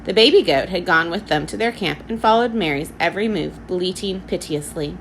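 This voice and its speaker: A woman teacher reading a children's storybook aloud with expressive narration. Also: lowish voice, fairly quick, slight background noise, low-quality recording.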